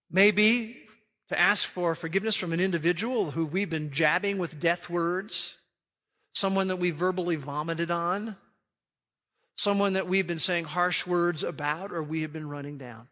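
A man preaching a sermon as pastor, emphatic, swelling loud and then dropping to a quiet hush. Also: high-pitched, in a large hall.

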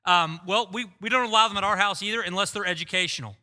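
A middle-aged man delivers a sermon from the pulpit in a high, piercingly bright voice. He tells his story with lively, self-deprecating humor before turning earnest. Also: fast talker. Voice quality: voice likened to a screaming rock singer. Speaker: pastor.

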